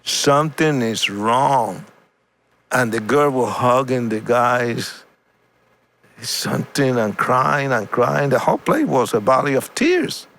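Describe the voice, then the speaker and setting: An evangelist guest shares his personal testimony haltingly, repeating and restarting words with deep feeling. His pitch swings widely, and his voice is creaky and a bit bright.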